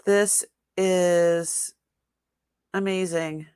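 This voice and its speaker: A woman's voice: fairly low pitch, steady tone, extremely slow, a little mellow, a little hiss or hum. An older woman hosting a live jewelry sale, chatting casually and laughing often. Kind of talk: casual live-stream selling.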